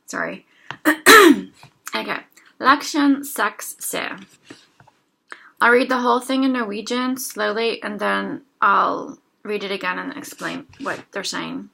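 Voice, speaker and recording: A woman teaching a language lesson, reading short dialogues aloud slowly and explaining each phrase, with a sore throat she keeps clearing. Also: medium pitch, pushed and bright.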